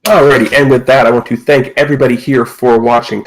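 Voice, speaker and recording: A man narrating as game master of a tabletop game, relaxed and with many fillers. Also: mid-range voice, fast talker, low-quality recording.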